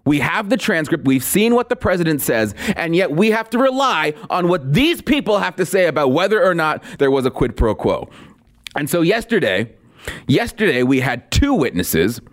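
A sarcastic male podcast host delivering political commentary. His pitch sits a bit high and swings widely as he hammers points home by repeating them. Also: big pitch swings, normal speed. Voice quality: sarcastic, repetitive emphasis.

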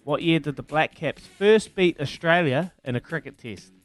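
A man's voice: fairly high pitch, animated, normal speed, faint music behind. A man with a New Zealand accent hosting a breezy radio quiz, teasing callers and counting down aloud. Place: radio studio.

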